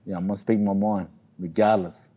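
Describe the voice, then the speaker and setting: A man's voice: on the low side, little pitch movement, a little fast, highs cut off. A middle-aged Australian man telling a long story in a casual, rambling way, often saying "you know what I mean". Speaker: interview guest, boxer.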